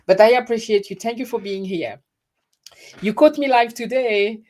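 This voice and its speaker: Greeting her viewers by name on a casual webcam livestream, this French-accented host from France often starts her sentences over. Her voice is on the high side and darkish, at a moderate pace.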